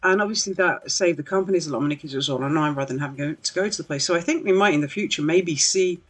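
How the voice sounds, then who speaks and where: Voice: medium pitch, racing, fairly bright tone, husky. Chatty, rambling gaming podcast host. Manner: rambling, filler-heavy, self-deprecating laughs. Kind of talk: casual livestream chat. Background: faint background music.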